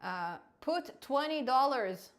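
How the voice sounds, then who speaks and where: A woman's voice: high voice, expressive, slow pace. A woman hosting a casual live coding stream, thinking aloud as she works and answering chat.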